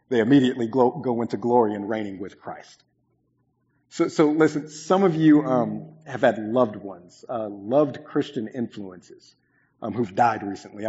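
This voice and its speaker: Here a twenty-something man delivers a sermon as pastor, his voice low, dark, and a bit breathy. His storytelling is sincere and chatty, peppered with many "um"s and other fillers, captured in a dull lo-fi recording that echoes like a hall.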